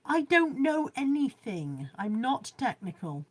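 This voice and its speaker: A woman chats away on a live stream from her home, reading out viewer comments and replying to them. She rambles and laughs at herself over technology. Her voice sits a little higher than most women's. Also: sing-song, unhurried, husky. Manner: rambling, chatty, self-deprecating about technology.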